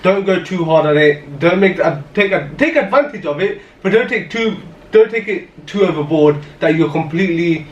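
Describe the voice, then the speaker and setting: A man co-hosting a podcast in casual chat, agreeable and quick to laugh along. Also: high-pitched, expressive, recorded from a distance, dull audio. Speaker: podcast co-host. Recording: roomy echo, off-mic, faint noise.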